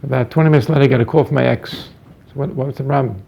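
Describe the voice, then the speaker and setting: A man's voice: medium pitch, very fast, gravelly, breathy edge. A male psychologist telling a story from his practice, acting out the dialogue and often repeating words, in a dull lo-fi recording. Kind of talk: anecdotal storytelling talk.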